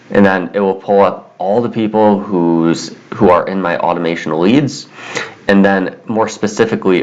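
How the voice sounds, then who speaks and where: Casting: a deep-voiced man walking viewers through software, casual and explanatory, slightly dull recording. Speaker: software tutorial presenter. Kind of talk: screen-recorded software walkthrough.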